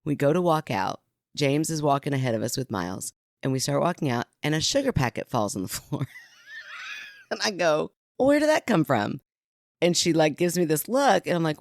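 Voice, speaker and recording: A woman in her thirties co-hosting a podcast, telling a story in a casual, animated way and laughing often. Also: sits low, fairly quick, no echo. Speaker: podcast co-host.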